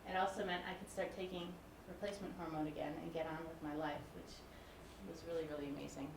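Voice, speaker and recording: A woman's voice: deep voice, little pitch movement, quick pace, gravelly, noisy background. A woman in her forties, a music professor, giving a candid, personal public lecture. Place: lecture hall. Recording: roomy hall, mic from a distance.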